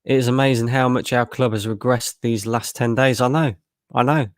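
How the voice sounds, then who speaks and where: A man's voice: mid-range voice, steady tone, normal speed, dry recording, studio quality. A man streaming a live match watchalong, tired after a long work shift and bluntly frustrated, swearing freely. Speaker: fan channel streamer.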